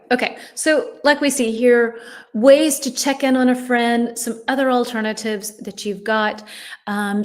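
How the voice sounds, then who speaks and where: A middle-aged woman teaching a live English lesson, chatty, reading viewers' comments aloud and reacting to them. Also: fairly high pitch. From United States.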